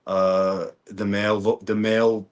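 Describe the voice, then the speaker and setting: A man's voice: lowish voice, unhurried. A man from New Orleans, a songwriter guest in a casual interview, telling stories with frequent restarts and repeated words. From New Orleans, Louisiana. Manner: relaxed storytelling with many restarts and repeated words.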